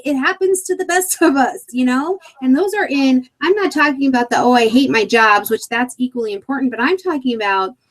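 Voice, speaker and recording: A woman's voice: a little high, rough recording. A woman guest talking about astrology in an earnest, explanatory way. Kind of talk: casual explanatory chat.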